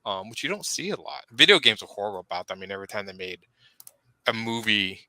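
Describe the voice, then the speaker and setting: A man's voice: on the low side, animated, fast talker, bright, forceful tone, dry recording, poor audio. A man on a video call, a comics show panelist, talking in casual chat, rambling and trailing off.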